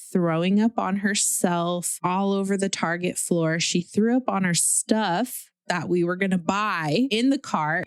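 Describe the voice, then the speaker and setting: A woman in her thirties hosting a podcast, casually telling a personal story in a chatty, animated way with lots of "like". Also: medium pitch, clean tone, no room sound, studio quality. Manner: chatty, uses "like" often, animated retelling. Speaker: podcast host.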